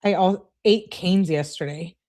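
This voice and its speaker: A woman's voice: lowish voice, unhurried, darkish tone. A woman hosting a true crime channel, reading text messages aloud and adding emphatic, exasperated asides.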